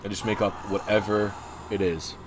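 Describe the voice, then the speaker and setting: Young male streamer, lowish voice, rambling, self-mocking, loose casual chat. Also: level tone, normal speed, a little hiss or hum.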